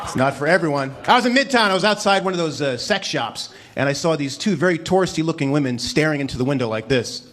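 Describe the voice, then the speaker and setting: A man doing a stand-up comedy set on a club stage, animated and mock-incredulous, acting out little voices as he tells his stories. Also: a little high, fast, hardly any pauses. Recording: live club recording with crowd noise. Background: audience laughter.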